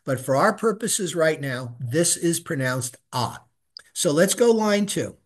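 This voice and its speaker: A middle-aged man leads a beginners' Hebrew reading class and patiently models each sound for the students to repeat. His voice sits a little high, and he talks slowly and without hurry. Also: sing-song. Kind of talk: live class instruction.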